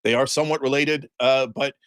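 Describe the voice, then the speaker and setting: A man's voice: medium pitch, steady tone, a little fast, a bit bright, clear, resonant tone, no room sound. A man delivering heated, sarcastic political commentary as the host of a talk show, ranting with emphasis.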